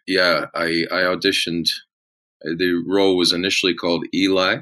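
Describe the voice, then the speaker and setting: A man's voice: low voice, flat delivery, normal speed, sharp tone, low-quality recording. A male actor guest on a podcast, chatting casually and telling rambling anecdotes.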